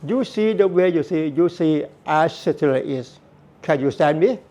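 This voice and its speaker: Slow, earnest man giving a Buddhist talk. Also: on the high side, animated, music in the background. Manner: repetitive, earnest, non-native phrasing. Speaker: Buddhist teacher. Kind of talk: slow spoken Dharma talk.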